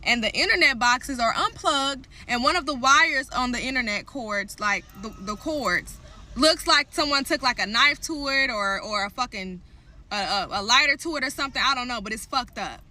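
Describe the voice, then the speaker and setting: A woman's voice: a little high, animated, moderate pace, pushed and bright. A young woman ranting to her viewers, telling an angry story full of swearing and heated asides. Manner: heated, profane, talks straight to viewers.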